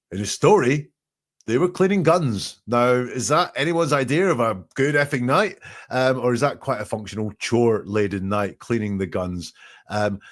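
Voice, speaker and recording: A man hosting a live podcast, reading out quotes and breaking them down in a conversational way. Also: fairly low pitch. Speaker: podcast host analysing a 911 call.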